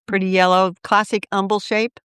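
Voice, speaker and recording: Woman, gardening co-host, practical, matter-of-fact, clear smooth voice, dry close mic. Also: mid-range voice, little pitch movement, moderate pace, a bit bright, dry recording. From American Midwest. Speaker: podcast co-host. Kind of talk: casual gardening chat.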